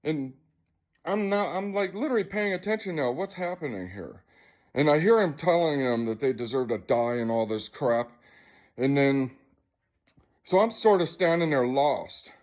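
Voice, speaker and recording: A man's voice: a little high, lively intonation, normal speed, a little mellow. Agitated, cursing man telling a story. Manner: agitated, profane, rambling retelling. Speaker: vlogger. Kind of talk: casual storytelling to camera.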